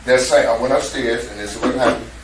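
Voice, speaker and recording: A man's voice: medium pitch, fast talker, recorded from a distance. Man telling his story in slang. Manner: profane, animated storytelling in casual slang. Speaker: stepfather giving a statement to detectives. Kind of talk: police interview statement. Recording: echoey noisy room from afar.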